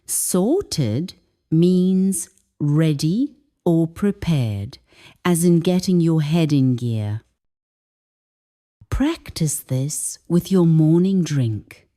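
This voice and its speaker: A woman reading a scripted lesson narration as an English teacher, explaining phrases deliberately. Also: low-pitched, animated, dark tone.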